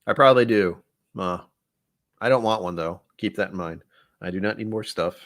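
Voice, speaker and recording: Laid-back rambling man, low voice. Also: normal speed, fairly bright tone. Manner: rambling, offhand, thinks aloud. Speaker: livestream host. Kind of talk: casual whiskey-tasting livestream chat.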